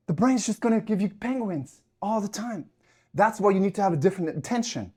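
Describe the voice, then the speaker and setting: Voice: mid-range voice, animated, fairly quick, warm tone, slightly rough. A life coach giving an intense, emphatic motivational podcast talk while working out, swearing for emphasis. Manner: talks while working out at the gym.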